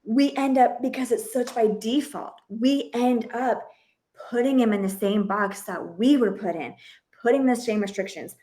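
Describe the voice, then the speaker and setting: A woman hosts a parenting podcast with a fairly high voice. She talks in a chatty, animated way and acts out family exchanges as she goes. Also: normal speed. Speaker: podcast host and parenting coach. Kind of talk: podcast interview, conversational.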